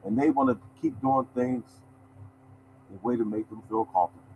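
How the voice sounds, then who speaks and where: A man's voice: mid-range voice, fairly quick, darkish tone, a little hiss or hum, low-quality recording. A man hosting a lottery podcast in a casual, emphatic monologue, repeating his points and calling listeners y'all.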